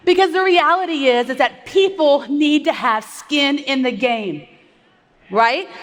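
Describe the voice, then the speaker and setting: A woman with a high, bright-sounding voice delivers an energetic stage presentation, talking quickly and firing questions at the crowd. She sounds slightly out of breath. Her voice rings with long reverb from a large event hall. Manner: fast, upbeat, rallies the audience with questions. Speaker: conference speaker.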